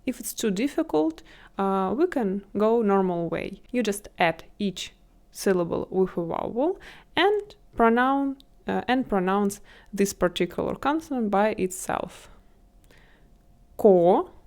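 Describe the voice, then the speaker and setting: Woman tutor, talks real slow, spells words out syllable by syllable, patient. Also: mid-range voice, expressive. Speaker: Russian language tutor. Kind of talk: slow language lesson.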